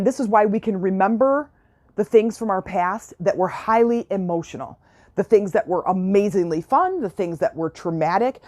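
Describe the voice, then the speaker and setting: This woman hosts a self-help podcast in a mid-range, slightly mellow voice. Her delivery is a casual coaching monologue, chatty and sincere, with repeated points and frequent check-ins on whether the listener is following.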